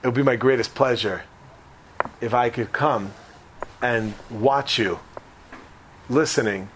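A man's voice: mid-range voice, slow, a little hiss or hum, pitched below the performer's own voice, lightly acted. A man voicing an eager male biographer who talks in a fawning, overeager way.

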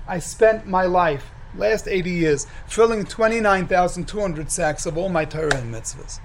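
High-voiced man giving an animated sermon. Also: moderate pace, noisy background. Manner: animated, acts out dialogue, repeats phrases for emphasis. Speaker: rabbi. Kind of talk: sermon with storytelling.

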